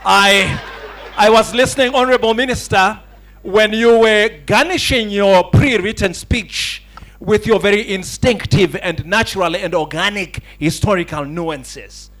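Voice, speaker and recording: A man's voice: high voice, measured pace, a bit bright. A man, hosting an awards night with ornate, grandiloquent wording and a playful storytelling style. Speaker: master of ceremonies. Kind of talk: humorous speech at an awards night. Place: banquet hall at an awards night.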